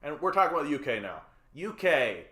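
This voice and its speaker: A man's voice: on the high side, very animated, a little fast, a bit bright. A man hosting a political livestream in a heated, profane rant that is full of repeated words and fillers. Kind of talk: ranting live-stream commentary. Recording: roomy echo.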